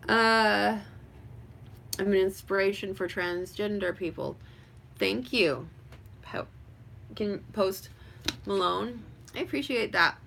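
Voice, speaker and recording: A woman's voice: medium pitch, slow pace, gravelly, pauses often, a bit bright, slight background noise. A woman from New Mexico chatting casually on a livestream, rambling through viewer questions with lots of fillers and frequent laughs. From Hobbs, New Mexico. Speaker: vlogger. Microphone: webcam or phone livestream.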